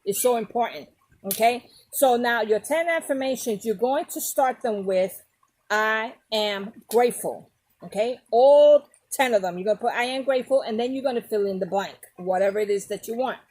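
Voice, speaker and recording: A woman's voice: on the high side, a little fast, mellow, husky. A woman talking to her viewers in a casual, emphatic advice vlog, often repeating her points and checking in with them. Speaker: vlogger giving advice. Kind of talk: casual advice talk to camera.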